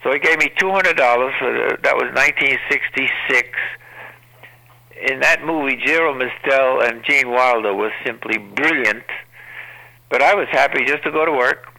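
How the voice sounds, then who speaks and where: An older man speaks as an interview guest and wanders from one anecdote to the next with plenty of pauses and filler words. His voice is gravelly, with a hard, sharp brightness, and his pitch sits in the middle of the male range. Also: rough recording. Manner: rambling storyteller, many uh fillers. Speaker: guest actor.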